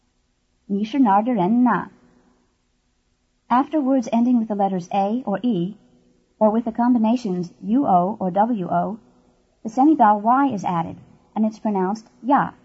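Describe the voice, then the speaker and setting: A woman narrating a language course tape, explaining words and grammar in clear, measured scripted narration. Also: medium pitch, muffled recording.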